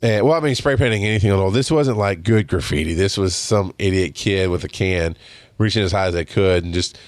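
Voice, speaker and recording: A man in his forties hosting a podcast, telling stories in a rambling, animated way with lots of restarts. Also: low voice, a little fast, no echo, studio quality. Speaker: podcast host. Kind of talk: casual storytelling monologue.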